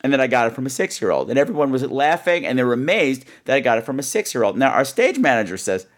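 A man hosting a podcast, telling comic stories in an animated way and jumping in and out of put-on voices. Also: mid-range voice, fast talker. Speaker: podcast host. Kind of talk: comedic storytelling monologue. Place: New York.

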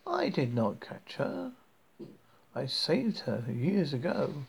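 Man reading a frosty old lady, slow-spoken, gravelly edge, slightly raised voice. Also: a little high, very animated, heavily acted. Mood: cold. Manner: cold, firm, measured. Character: cold, stern elderly woman protecting a siren.

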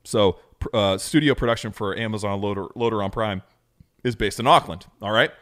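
Enthusiastic rambling man, lowish voice. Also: brisk, a bit bright. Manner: enthusiastic, rambling with many fillers. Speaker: podcast co-host. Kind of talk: casual chat.

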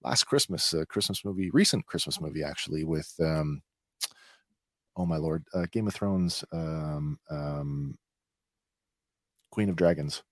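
A man's voice: extremely low pitch, measured pace, long pauses, dry recording, studio quality. A man hosting a podcast, recapping an episode in a chatty way with many filler words. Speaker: podcast host.

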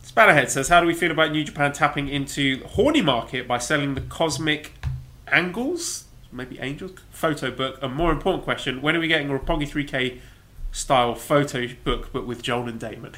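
A man's voice: fairly high pitch, a little fast, sharp tone, a little hiss or hum. A man co-hosting a casual wrestling podcast, wryly reading out listener questions and answering them. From Britain. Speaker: podcast co-host.

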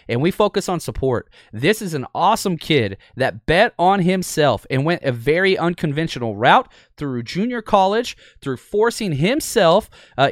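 A man casually breaking down football game film as a video host, animated and opinionated, laughing often. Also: on the high side, no room sound, clean studio sound.

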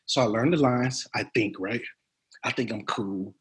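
A man, an actor as a guest, telling stories casually in an interview with lively, laughing delivery. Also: mid-range voice, normal speed. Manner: animated, laughing storyteller.

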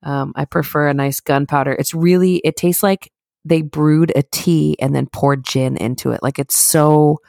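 A woman's voice: sits low, fairly even intonation, moderate pace, gravelly, a little mellow, no room sound, studio quality. A young woman co-hosting a podcast, telling rambling stories in casual chat with lots of laughs and restarts. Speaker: podcast co-host.

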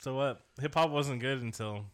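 Speaking at a normal speed in a clean, mid-range voice, a twenty-something man co-hosts a podcast. He keeps the chat casual, laughing, joking, and slipping into voices whenever he quotes someone.

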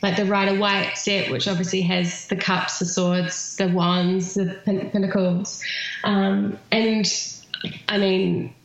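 New Zealand woman with a gravelly voice. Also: mid-range voice, little pitch movement, takes it slowly, heavy reverb, lo-fi sound. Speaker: guest. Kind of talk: casual podcast interview.

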